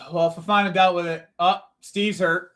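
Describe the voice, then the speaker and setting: A man with a high voice runs a live football watch-along from a home desk mic. He swears freely, addresses his viewers as boys and bro, and reacts loudly to every play. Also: steady tone, measured pace. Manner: swears a lot, shouts at the referee, calls viewers boys and bro.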